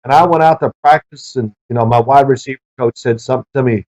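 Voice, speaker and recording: A middle-aged man, a former football player, answering interview questions with lively anecdotes. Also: medium pitch, quick pace. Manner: lively storyteller who acts out quoted people. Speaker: interview guest, former pro quarterback. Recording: dull lo-fi sound.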